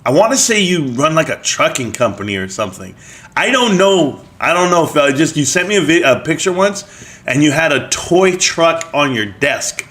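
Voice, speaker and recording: A man with a slightly higher voice hosts a live stream and chats casually with his viewers. He reads their comments aloud in joking banter and laughs often. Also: big pitch swings, moderate pace, a bit bright.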